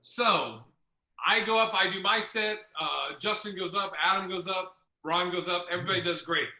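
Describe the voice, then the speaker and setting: A man hosting a podcast, telling a comedy club story in a casual, profane, animated way. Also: sits high, normal speed, roomy sound, low-quality recording.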